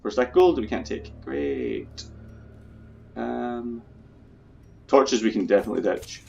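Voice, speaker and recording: A man's voice: medium pitch, sing-song, measured pace, creaky, warm tone, lo-fi sound, soft background music. A man casually commenting on his own gameplay, chatty, swearing freely and talking through his plans. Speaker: video game let's player.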